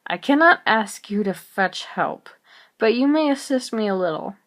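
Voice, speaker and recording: A woman putting on a stern, gruff gentleman. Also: mid-range voice, lively intonation, normal speed, close to an everyday voice. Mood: commanding. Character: stern brooding gentleman, commanding and teasing.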